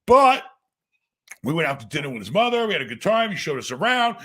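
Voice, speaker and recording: An older man hosting a podcast, talking bluntly and profanely, mocking and often shouting. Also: fairly high pitch, very animated, fast. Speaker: podcast host. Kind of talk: blunt casual chat.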